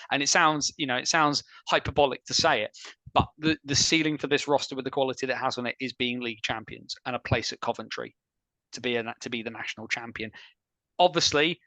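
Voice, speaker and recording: A man hosting a casual sports podcast, chatty and opinionated, with quick asides. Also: mid-range voice, sharp tone, dry recording, low-quality recording. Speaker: podcast host.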